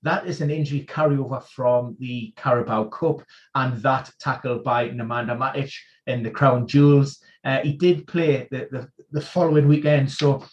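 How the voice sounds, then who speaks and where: A man acting as an injury expert, running through football team news on a live stream in a quick, informed rundown. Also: medium pitch, steady tone, dull audio. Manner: informed, rapid-fire rundown of player news. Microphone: video call.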